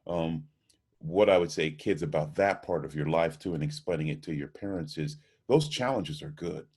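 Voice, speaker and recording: A middle-aged jazz trumpeter being interviewed over a video call, telling lively anecdotes about his career. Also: very deep voice, normal speed, breathy edge. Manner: animated storyteller, acts out voices in anecdotes.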